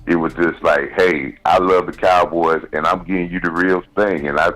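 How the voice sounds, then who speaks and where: A man with an extremely deep, low voice calls into a show. He speaks haltingly and keeps restarting. The talk is casual and friendly. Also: steady tone, a bit bright, soft background music, rough recording. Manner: halting, restarts and repeats words. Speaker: caller, a fellow fan. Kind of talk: casual phone-in chat.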